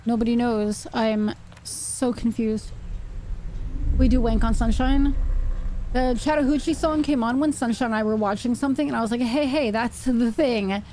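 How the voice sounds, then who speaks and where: A young woman streams a game and chats loosely as she plays, thinking out loud and poking fun at her own confusion. Her voice sits a little high yet sounds soft and mellow. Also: steady tone, normal speed, slight background noise. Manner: rambling, self-mocking, thinks out loud. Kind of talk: casual live-stream chat while gaming.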